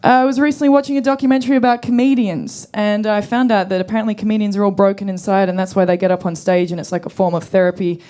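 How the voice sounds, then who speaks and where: A young woman performing a stand-up comedy set, telling stories in a deadpan, sarcastic way and acting out the quotes. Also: mid-range voice, fast, hardly any pauses.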